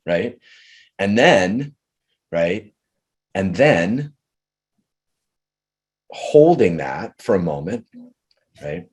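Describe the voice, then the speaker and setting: A man leading a group session on relationships, talking earnestly and slowly, often restarting his sentences. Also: low-pitched, sing-song, slightly rough. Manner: earnest, slow and searching, many restarts. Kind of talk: coaching talk with a participant.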